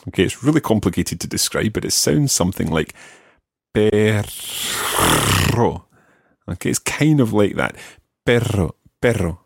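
A man teaching pronunciation who explains patiently, models the sounds slowly and jokes about his own mistakes. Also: on the low side, sing-song, vocal fry, husky, dry recording, clean studio sound. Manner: self-deprecating. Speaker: language teacher.

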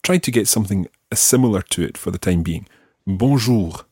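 A Scottish man leads a language lesson in a husky, low voice. He shapes each French word slowly and carefully so it can be repeated back. The sound is dry and close. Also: darkish tone, no echo. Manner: slow, careful modelling of French words for repetition. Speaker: language teacher.

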